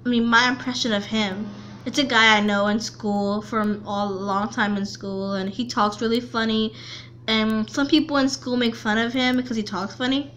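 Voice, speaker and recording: A woman vlogger chatting casually to camera, talking haltingly with frequent restarts and repeated words. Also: a little high, bright, forceful tone.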